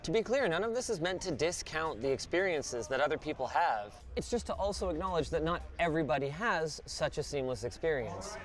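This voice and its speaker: A man hosting a tech video, commenting excitedly as he tries games and software. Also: a little high, brisk, hardly any pauses, a crowd in the background. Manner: excitable, exclamatory while gaming.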